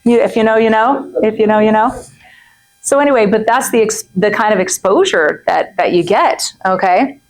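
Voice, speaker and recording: A woman in her forties leads a chatty masterclass for a group. She talks fast and loose, stopping often to check in with the room. Her voice sits in a middle pitch. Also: low-quality recording. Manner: chatty, animated, acts out quoted people; frequent "right?" and "okay?" asides. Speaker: real estate coach.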